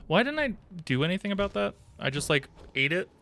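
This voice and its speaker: A man's voice: high voice, big pitch swings, fairly quick, creaky, pushed and bright, slight background noise. A man streaming a game, chatting casually and mumbling self-deprecating remarks as he plays. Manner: self-deprecating, mutters to himself while playing. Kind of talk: casual gameplay commentary.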